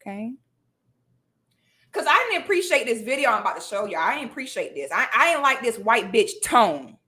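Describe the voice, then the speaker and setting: A woman's voice: on the high side, big pitch swings, a little fast, bright, forceful tone, slightly rough. A woman talking straight to her viewers in a confrontational casual rant, full of sassy asides and repeated "okay?" tag questions. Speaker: vlogger.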